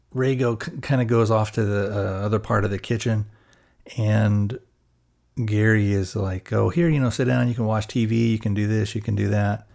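Low-voiced man recapping a show. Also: a little mellow. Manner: conversational, plot-retelling with fillers and restarts. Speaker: podcast host reviewing a TV episode. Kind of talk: casual spoken recap.

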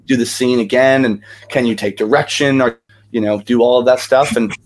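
A man's voice: medium pitch, fairly even intonation, moderate pace. A young man, a guest actor, telling stories in a casual interview with lots of energy and many fillers.

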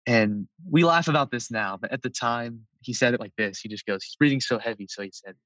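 A man in his twenties telling a personal story in a casual, conversational way, with lots of "like" and soft laughs. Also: medium pitch, fairly quick, dry recording, low-quality recording. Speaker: storyteller recounting a personal experience.

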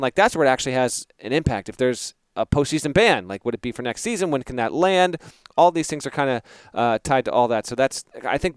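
A man who reports on college basketball, co-hosting a podcast in casual chat and explaining things in a measured way with fillers. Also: medium pitch, clean tone, no room sound.

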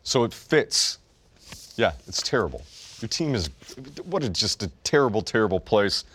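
A man's voice: lowish voice, very animated, a little fast, a little hiss or hum. A young man co-hosting a podcast, chatting casually and sarcastically about sports. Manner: wisecracking, sarcastic. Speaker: podcast co-host.

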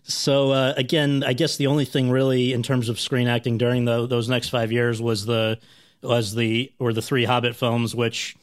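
A man's voice: mid-range voice, little pitch movement, moderate pace. A man interviewing a guest, asking long questions full of restarts.

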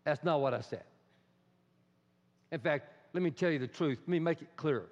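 Animated preacher man in a reverberant hall. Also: on the high side, normal speed. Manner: animated preacher, swings loud and hushed, acts out quotes. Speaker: pastor. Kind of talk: sermon. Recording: dull sound in a reverberant hall.

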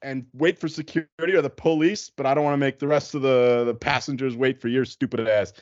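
A man putting on the voice of a fed-up city bus driver who shouts and curses at passengers. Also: mid-range voice, steady tone, brisk, no echo, highs cut off, pitched above the performer's own voice, natural voice. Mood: angry. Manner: shouting, cursing, threatening.

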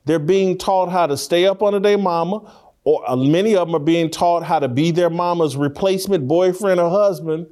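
This is a man with a slightly high voice, talking in a studio as host of an opinion show. He argues bluntly and with heavy emphasis, often restarting and repeating phrases to drive the point home. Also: moderate pace, a little mellow. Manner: blunt, emphatic, repeats himself while arguing. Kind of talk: opinionated talk show commentary. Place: studio room with three people.

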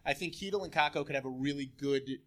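A man on a live podcast lays out his thinking about line combinations in earnest. His voice is a little high and clear and bright. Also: quick pace. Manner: earnest, analytic about hockey lines. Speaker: podcast co-host. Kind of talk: casual live podcast chat.

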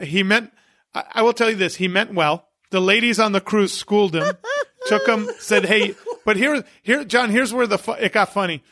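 A man, an event promoter, telling lively stories as a guest on a podcast and acting out what people said. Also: high voice, no echo, studio quality. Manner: animated anecdote-teller who acts out quotes. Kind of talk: casual interview storytelling.

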